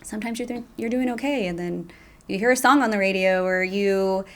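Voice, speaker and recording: A young woman guest speaking softly and reflectively in an interview, laughing now and then between thoughts. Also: mid-range voice, brisk. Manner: soft-spoken, reflective, laughs often. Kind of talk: emotional interview conversation.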